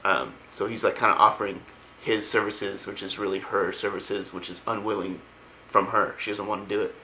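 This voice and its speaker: A man's voice: on the low side, steady tone, normal speed, pushed and bright, slight background noise, poor audio. A young man casually retelling a story, rambling and enthusiastic with slangy asides. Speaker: lore explainer.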